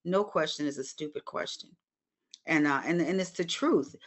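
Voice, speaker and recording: A woman in her sixties leads a Bible study in a somewhat low voice. She talks in an earnest, motherly way, as if chatting with the group. She addresses her listeners directly. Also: moderate pace. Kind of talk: conversational Bible study teaching.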